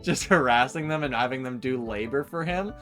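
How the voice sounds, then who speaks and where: A young man in casual conversation about films, loose and easygoing, peppering his sentences with "like." His voice sits in a middle register, and soft background music plays quietly behind him. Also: mid-range voice, brisk. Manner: relaxed, filler-heavy with "like". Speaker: movie review co-host. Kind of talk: casual chat and plot recap.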